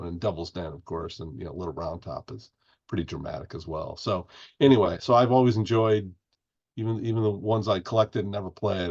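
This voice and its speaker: Podcast guest: low-voiced man, meandering and chatty, dull lo-fi recording. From Indiana, US. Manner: rambling, restarts often. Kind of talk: casual interview chat.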